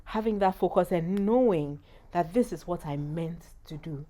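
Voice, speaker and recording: Animated Ghanaian woman telling a story. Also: on the low side, normal speed. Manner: animated storyteller, acts out quoted voices. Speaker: guest, cake business founder. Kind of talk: casual interview talk.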